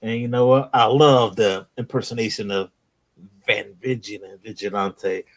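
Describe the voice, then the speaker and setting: A man's voice: lowish voice, fairly even intonation, normal speed. A man hosting a casual comic book live stream in a laid-back way, often adding "man" to his sentences. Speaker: comic book show host.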